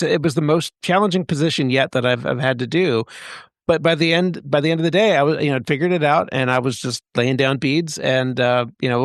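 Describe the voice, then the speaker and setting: Halting, rambling podcast man. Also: on the high side, no room sound, clean studio sound. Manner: rambling, halting, many fillers. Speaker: podcast co-host. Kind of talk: casual chat.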